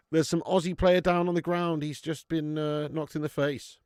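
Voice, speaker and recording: A man's voice: fairly high pitch, unhurried, gravelly, dry recording, studio quality. A man hosting a live football watch-along, chatting in slangy, jokey banter with frequent laughs. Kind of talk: live stream commentary and chat.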